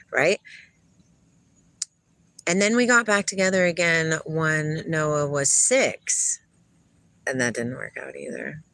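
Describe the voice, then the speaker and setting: Lower-voiced woman musing to her pet. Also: creaky, sharp tone, no echo. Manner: rambling, laughs often, talks to her parrot. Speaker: vlogger. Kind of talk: casual spiritual monologue.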